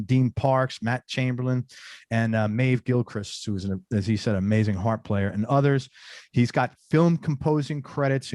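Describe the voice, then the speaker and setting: A man's voice: medium pitch, a little mellow, no echo, clean studio sound. A man hosting an interview show, chatting loosely with asides and restarts as he introduces his guest. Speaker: podcast host. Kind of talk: casual interview chat.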